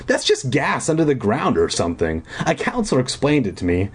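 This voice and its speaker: A man reading aloud and voicing an impatient, mocking teenage boy at summer camp, in a husky voice. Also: mid-range voice, huge pitch swings, fairly quick, pitched above the performer's own voice. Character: boy camper, teen, dismissive.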